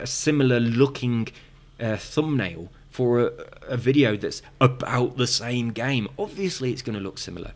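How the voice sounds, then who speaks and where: A man's voice: medium pitch, animated, normal speed. A man with a very slight lisp, chatting casually through viewer comments and drifting into tangents with lots of fillers and restarts. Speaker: gaming video creator reading viewer comments.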